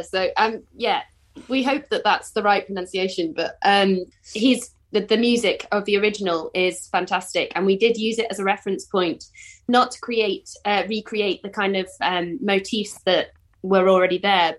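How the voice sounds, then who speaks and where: A woman musician explaining her work in a casual, thoughtful way while searching for words. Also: mid-range voice. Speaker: musician guest. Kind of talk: casual chat.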